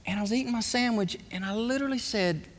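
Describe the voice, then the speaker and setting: A male pastor preaching a sermon, with animated shouts and quick drops to asides. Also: sits high, in a large hall.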